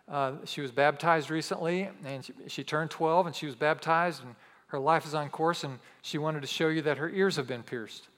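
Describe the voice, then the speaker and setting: A man's voice: fairly high pitch, steady tone, fairly quick, fairly bright tone. A man preaching a sermon as pastor to his congregation, emphatic and repeating key lines with humorous asides. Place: church hall with audience. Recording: long church-hall reverb.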